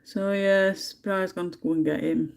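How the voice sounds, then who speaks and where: With a bit of a cold, an English livestream host colours at home, chatting casually, laughing often and murmuring to herself about which colours to use. Her lowish voice is creaky and unhurried, with fairly even intonation.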